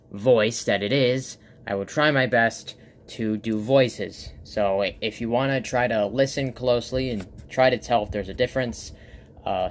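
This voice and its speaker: A man with a raspy voice casually walking through an old comic he made, rambling with lots of fillers and restarts. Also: on the low side, slight background noise. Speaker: comic artist and vlogger. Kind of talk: casual show-and-tell.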